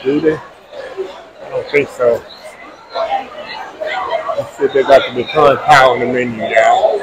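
A man's voice: mid-range voice, slow. A man giving casual walking vlog narration at outdoor food tents, talking straight to viewers as y'all. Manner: chatty, addresses viewers as y'all. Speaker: food vlogger. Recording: busy crowd noise around.

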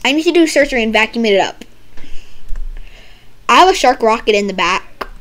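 A young woman playing a doctor in a game roleplay, silly and teasing, with sudden loud outbursts. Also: on the high side, lively intonation, moderate pace. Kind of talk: playful game roleplay banter.

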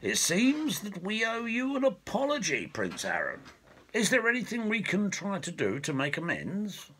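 A man's voice: sits high, wildly swooping pitch, moderate pace, sharp tone, a little hiss or hum, voice pushed up, full character voice. A man voicing a proud, commanding elf king who speaks sternly, in a storybook reading. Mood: gracious. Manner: commanding, suspicious.

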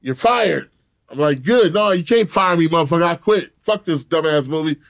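A man telling a profane story as an interview guest, animated, laughing often and acting out the other people in it. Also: on the high side, normal speed.

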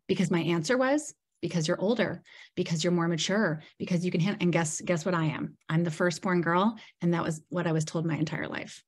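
Woman guest, lower register, chatty storyteller who keeps saying "like" and mimics what people said. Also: brisk, husky. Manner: animated storyteller who acts out quoted dialogue and leans on "like". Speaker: podcast guest. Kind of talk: casual storytelling interview.

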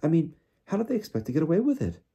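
A man voicing a worried, clever teenage girl witch, talking quickly and earnestly. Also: a little high, huge pitch swings, creaky, mellow, husky, highs cut off, voice pushed up, heavily acted. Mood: indignant. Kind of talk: audiobook character voice.

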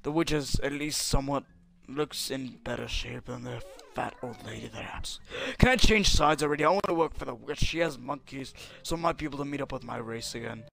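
Brisk and gravelly, the man's mid-range voice has a fairly bright tone. In a comedic let's-play he impersonates a hot-tempered, arrogant alien prince warrior, insulting and brash one moment, yelping in panic the next.

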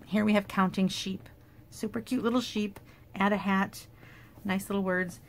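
A woman casually showing off paper craft products in a chatty, enthusiastic way, with fillers and quick asides. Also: medium pitch, fairly even intonation, slight background noise. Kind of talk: casual product show-and-tell.

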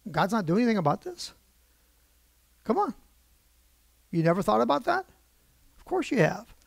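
A man's voice: high-pitched, sing-song, moderate pace, vocal fry, dry recording. A man preaching a sermon from a church pulpit, talking conversationally with his congregation, asking them questions and getting emotionally worked up. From United States. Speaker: pastor.

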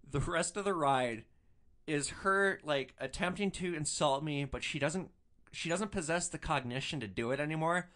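A man's voice: on the high side, normal speed, fairly bright tone. A young man hosting a podcast, telling stories casually, with a profane, wry streak. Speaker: podcast host. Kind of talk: casual storytelling.

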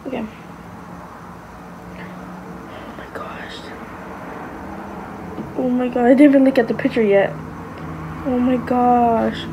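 A woman's voice: fairly high pitch, flat delivery, moderate pace, dull audio, noisy background. A young woman vlogging casually, gushing and exclaiming, sometimes dropping to a whisper. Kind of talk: casual reaction vlog.

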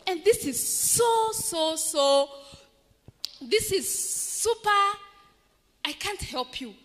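A woman's voice: very high voice, animated, extremely slow, pitched above the performer's own voice, heavily acted. A woman acting out a male beggar who turns ungrateful and stubborn, in a children's story told in church. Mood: defiant. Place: large echoey church. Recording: echoey church hall.

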